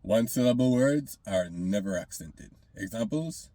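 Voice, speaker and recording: Slow husky guy teaching a language lesson, says each word twice, dry close sound. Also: on the low side, no room sound. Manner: slow, deliberate, repeats each example word loudly twice.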